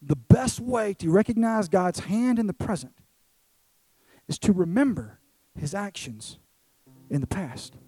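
A man's voice: high-pitched, lively intonation, unhurried, mellow, breathy edge, dry recording. A man preaching a sermon as pastor, emphatic, with repeated phrases and rhetorical questions to the congregation.

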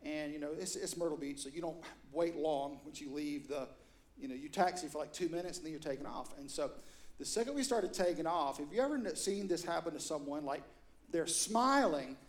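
A middle-aged man preaching a storytelling sermon in a church, animated and acting out quotes with sudden loud high bursts. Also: fairly quick. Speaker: pastor.

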